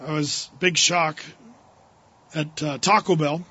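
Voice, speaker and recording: A man's voice: on the high side, steady tone, slow pace, sharp tone, husky, lo-fi sound. A male pastor giving a humorous, anecdotal sermon at a Wednesday evening church service, chuckling often.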